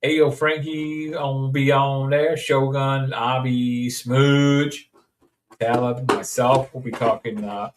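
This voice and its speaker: Man, rambling and jokey, mid-pitched voice, mic some distance off. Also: background noise. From Indiana, USA. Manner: rambling, jokey, sings snippets. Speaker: toy-collecting streamer. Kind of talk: casual unboxing chat.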